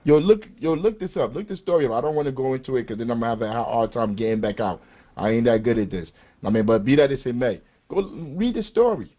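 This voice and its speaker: This political podcast host talks fast in an animated, medium-pitched voice. His delivery is passionate, emphatic, and street-casual, and the call audio sounds muffled and lo-fi.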